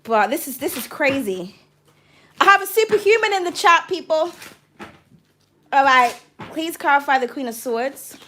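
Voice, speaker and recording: A woman reading tarot cards on a livestream, bubbly and excitable, swearing casually and calling viewers darling. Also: high voice, normal speed, pauses often, a little hiss or hum.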